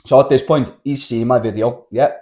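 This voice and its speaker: A young man with a Scouse accent, co-hosting a casual podcast, bantering, laughing and swearing as he tells stories. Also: medium pitch. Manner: fast, laughing, swearing, loud when excited. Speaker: podcast co-host.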